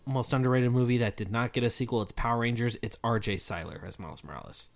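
A man's voice: mid-range voice, fast, vocal fry. A young man co-hosting a podcast, chatting casually, rambling with frequent restarts and easy laughter. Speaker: podcast co-host. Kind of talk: casual chat.

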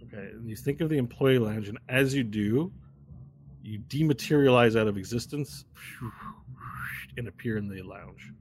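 A man's voice: medium pitch, moderate pace, darkish tone. A man running a tabletop game as game master, narrating in a casual, descriptive way. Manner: casual, descriptive, hesitant fillers.

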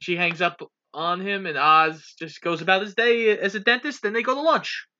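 A man co-hosts a casual podcast and walks through a film's plot step by step. His voice sits mid pitch with a bright, sharp tone. The sound is dull and lo-fi. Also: normal speed. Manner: plain recap-style storytelling. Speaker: podcast co-host. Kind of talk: casual chat, recapping a film.

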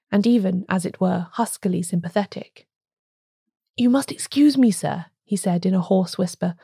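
A woman narrating an audiobook in a measured, even reading. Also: medium pitch, no echo, studio quality.

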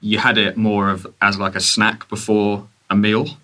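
A man's voice: lowish voice, flat delivery, measured pace, pushed and bright. A man born in Scotland and raised in England, chatting hesitantly about food as a podcast guest. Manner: hesitant, agreeable, many fillers. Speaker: podcast guest, cookery writer. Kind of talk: casual chat.

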